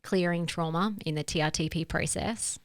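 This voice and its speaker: Woman, podcast host, affirming, encouraging, lowish voice, dry close recording. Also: normal speed, dry recording. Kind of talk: conversational podcast interview.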